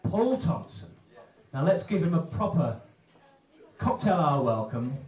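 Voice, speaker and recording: A man emcees a live comedy night, his voice swinging up and down as he builds up the next act. He sounds somewhat high and distant, in an echoing pub room with noise around him. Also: big pitch swings, unhurried. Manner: hyped-up, builds to a shouted intro. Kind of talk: introducing an act. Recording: roomy club sound from far off, noisy.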